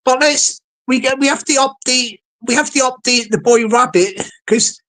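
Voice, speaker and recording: A woman's voice: high-pitched, normal speed, a bit bright, poor audio. A woman chatting casually on a live stream, rambling playfully and greeting viewers by name.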